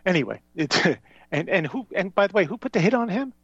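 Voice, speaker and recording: A man appearing as a guest on a show tells rambling stories that jump from one tangent to the next, animated and conspiratorial in manner. His voice sits high, brisk and slightly rough, with no room sound and a dull lo-fi recording.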